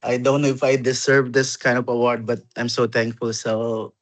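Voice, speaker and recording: A man who has just won an award thanks his colleagues humbly on a video call, in a halting way. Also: mid-range voice, flat delivery, rough recording. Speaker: award winner.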